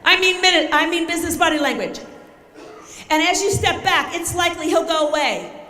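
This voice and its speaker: A middle-aged woman giving an animated, emphatic motivational talk on self-defense, joking and acting out scenes. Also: extremely high pitch, fairly quick. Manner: emphatic, jokey, often shouting and acting out scenes. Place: large conference hall. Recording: echoey hall, faint ambience.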